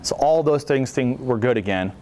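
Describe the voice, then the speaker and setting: A man's voice: medium pitch, lively intonation, normal speed, a little mellow. A man in his thirties, a veteran speaker telling a casual, joking story to an audience and acting out the quotes. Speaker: veteran speaker at a library talk. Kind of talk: storytelling presentation.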